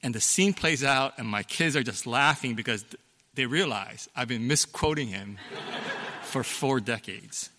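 A man's voice: mid-range voice, unhurried, sharp tone. A middle-aged man preaching a sermon as a pastor, explaining things in a conversational way with fillers and self-corrections. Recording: long reverb of a hall.

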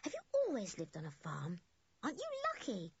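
A woman voicing an excitable young schoolgirl in a storybook reading, pitching her voice well up and talking eagerly. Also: a little fast, slightly rough, dry recording, dull audio, heavily acted.

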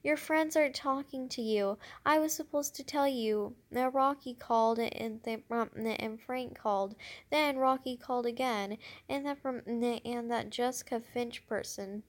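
A woman's voice: a little high, a little slow, close to an everyday voice. A woman reading a children's book aloud, voicing a whiny, tattling little boy. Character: pesky little boy, younger brother.

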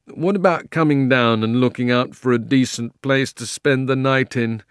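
A man voicing a kindly, easygoing talking horse in an audiobook, speaking slowly as if his mouth were full of grass. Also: medium pitch, clean tone, no room sound, studio quality, voice pushed up, lightly acted. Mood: placid. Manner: slow, chewing, mouth-full speech. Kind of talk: audiobook character voice.

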